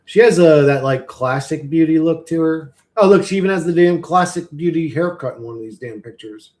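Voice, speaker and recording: A man's voice: a little high, brisk, a little mellow. A man in a casual, rambling live-stream chat, swearing freely and chuckling often as he talks.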